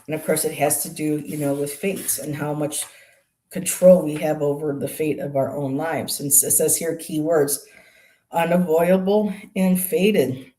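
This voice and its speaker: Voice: medium pitch, steady tone, unhurried, dark tone. A tarot reader on a live stream who explains each card in a musing, hesitant way, with many ums and restarts. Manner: explains card meanings aloud.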